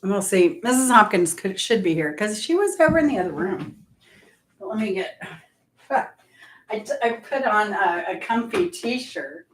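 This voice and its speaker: A woman chats to her viewers at an easy, unhurried pace. She rambles from one thing to the next and greets people by name. Her voice sits at an ordinary middle pitch. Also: lively intonation, a little hiss or hum. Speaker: livestream host chatting with viewers. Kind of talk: casual livestream chat.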